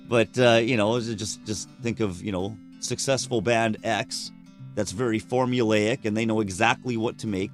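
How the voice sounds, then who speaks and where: A man talks casually as a podcast guest, swearing freely and acting out other people's lines as he tells his stories. Faint music plays underneath his voice. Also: medium pitch. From Canada. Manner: candid, profane, animated storyteller who acts out quotes. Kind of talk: casual conversational storytelling.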